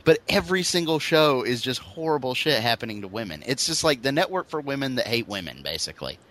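Lively sarcastic male podcast host. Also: mid-range voice, fast. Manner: sarcastic, swears freely, laughs often. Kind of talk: casual comedic chat.

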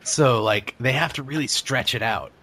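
A man co-hosting a podcast in casual comedic chat, tossing in dry, deadpan quips. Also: medium pitch, moderate pace. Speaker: podcast co-host.

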